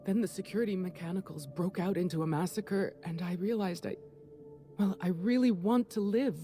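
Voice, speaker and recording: A woman's voice: on the low side, moderate pace, dark tone, soft background music, lightly acted. An actress voicing a nervous young woman receptionist in a video game, breathless, rattled and chatty.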